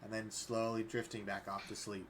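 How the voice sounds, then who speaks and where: A man's voice: on the low side, little pitch movement, normal speed, fairly bright tone. Casual man narrating as game master. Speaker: dungeon master.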